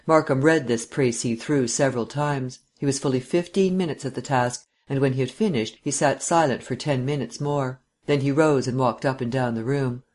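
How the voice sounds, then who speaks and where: A man narrating a detective novel as an audiobook reader, in an even, measured way. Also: mid-range voice.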